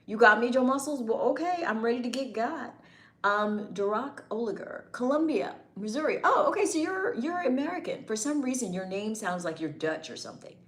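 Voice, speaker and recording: A woman's voice: a little high, sing-song, a little fast, a bit bright. Playful woman livestreaming in an echoey room. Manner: playful, teasing, bantering with commenters. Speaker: livestream host reading chat. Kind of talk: casual live chat.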